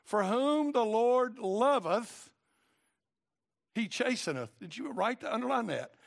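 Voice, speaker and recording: A middle-aged male pastor delivers a sermon in a high, gravelly voice. He reads scripture in old-fashioned wording and acts out the voices in his stories as he preaches. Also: animated, takes it slowly.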